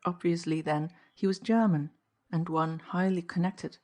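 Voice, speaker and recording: Woman audiobook narrator, lower voice, steady and measured delivery. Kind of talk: scripted narration.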